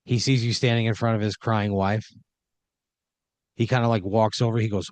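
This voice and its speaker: A man narrating an improvised comedy story as game master, deadpan and laid-back with lots of filler words. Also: lowish voice, normal speed, pauses often, no room sound.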